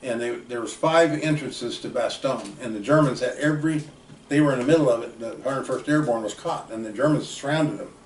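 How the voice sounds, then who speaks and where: A man's voice: mid-range voice, a little fast. An older man from the United States, a plainspoken, folksy uncle telling long family stories in a casual, rambling way. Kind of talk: casual storytelling. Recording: roomy, distant mic, faint background noise.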